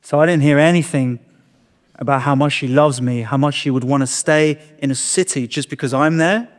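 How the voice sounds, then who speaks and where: The long reverb of a performance hall surrounds this thirtysomething comedian on stage at a comedy venue. Speaking at normal speed in a voice on the high side, he acts out his own thoughts in a self-deprecating story.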